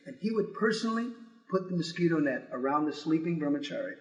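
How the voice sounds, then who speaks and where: A spiritual teacher telling animated stories in a talk, pausing for a translator and acting out the voices in them. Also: male voice, a little high, rough recording. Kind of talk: storytelling talk with live translation.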